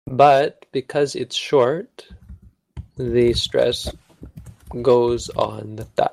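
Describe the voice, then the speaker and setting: A man's voice: medium pitch, very slow, creaky, darkish tone, a little hiss or hum. A man teaching a language lesson in a casual, joking way, stopping to correct himself as he goes. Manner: informal, self-correcting, joking.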